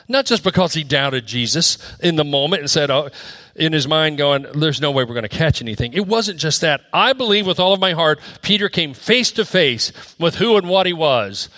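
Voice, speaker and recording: A male pastor preaching a sermon to his congregation, rising to loud emphatic peaks and dropping to quiet, low asides. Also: lively intonation, normal speed, hardly any pauses. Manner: dynamic preaching, swinging from loud high peaks to soft low drops. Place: church.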